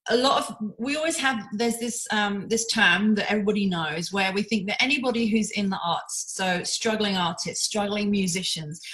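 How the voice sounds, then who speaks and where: A woman's voice: mid-range voice, moderate pace, few pauses, fairly bright tone, poor audio. Woman interviewer, mid-range voice, chatty with lots of ums and restarts, video call audio.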